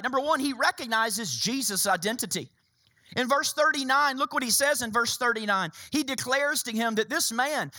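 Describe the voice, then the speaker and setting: A man's voice: very high voice, sharp tone. A male pastor preaching a sermon in a church, emphatic, repeating phrases and addressing the congregation directly. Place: church sanctuary.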